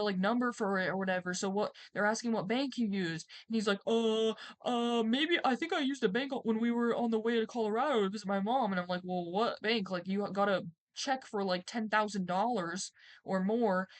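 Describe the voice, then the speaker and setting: A young woman streamer telling a personal story in a rambling, animated way, swearing and acting out quotes loudly. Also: medium pitch. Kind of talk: casual storytime.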